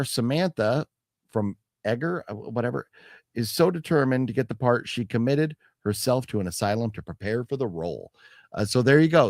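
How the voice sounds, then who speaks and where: A man chatting casually as co-host of a movie haul stream. His pitch swings all over the place as he rambles, restarts his sentences and swears freely. The voice sounds close and dry, with no room around it. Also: dry recording. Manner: rambling, swears freely, reads product blurbs aloud; restarts sentences, hedging fillers. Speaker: co-host of a physical media haul show. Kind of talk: casual chat.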